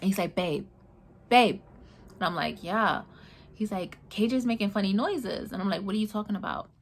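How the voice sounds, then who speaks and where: A woman's voice: medium pitch, brisk, gravelly. A young woman casually telling the story of her son's hospital stay, acting out the back-and-forth of each conversation. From New York, USA. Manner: animated retelling, acting out dialogue.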